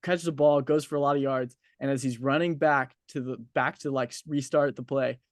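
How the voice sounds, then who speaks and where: A man's voice: mid-range voice, fairly even intonation, moderate pace, dry recording, studio quality. A man in his twenties interviewing a guest in a casual, chatty way, laughing easily and using lots of filler words.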